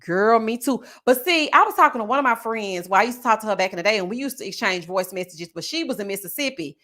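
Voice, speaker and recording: A woman with a Texas Southern twang, chatting casually with her viewers in a sing-song, drawn-out way. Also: mid-range voice, animated, pushed and bright. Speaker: YouTube reality-show reviewer. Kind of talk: casual chat reading viewer comments.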